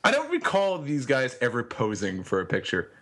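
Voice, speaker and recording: A man joking through casual podcast chat with quick, wry asides. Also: husky. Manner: jokey, quick asides, very lively pitch. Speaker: podcast co-host.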